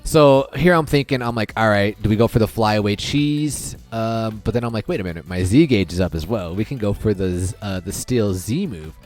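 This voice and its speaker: Low-voiced man, casual game commentator, talks it through as he goes, faint music underneath. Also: lively intonation, moderate pace, hardly any pauses. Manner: thinking out loud, chatty, many restarts and "I'm like" retellings. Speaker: gaming video creator. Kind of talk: casual game commentary over recorded play.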